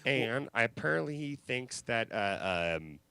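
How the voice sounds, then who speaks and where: A man co-hosting a casual comedy chat show, rambling and halting with fillers as he calls in from home. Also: medium pitch, big pitch swings, creaky, sharp tone, clean tone, no room sound. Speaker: podcast co-host. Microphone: home mic over a call link.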